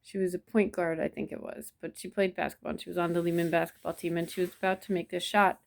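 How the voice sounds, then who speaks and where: A woman telling a personal memory in a soft, reflective way, with many pauses and restarts. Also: on the low side, little pitch movement, creaky. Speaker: vlogger. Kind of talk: personal storytelling to camera.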